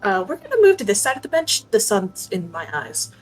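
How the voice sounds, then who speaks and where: A woman's voice: medium pitch, sing-song, a little fast, faint music behind. A woman voicing a flustered, hesitant young mother in a tabletop game. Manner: hesitant, polite. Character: flustered young mother minding her kids.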